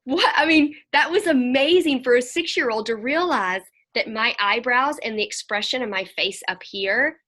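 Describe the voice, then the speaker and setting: A woman counselor talking to a group over a video call, telling lively stories and acting out what children said. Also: a little high, moderate pace, hardly any pauses. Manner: animated storyteller, acts out children's voices.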